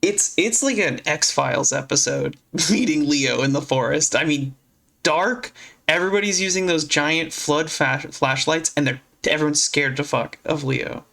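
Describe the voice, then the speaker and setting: A podcast co-host in casual chat, laughing often and tossing in quick asides. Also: mid-range voice, gravelly, a bit bright.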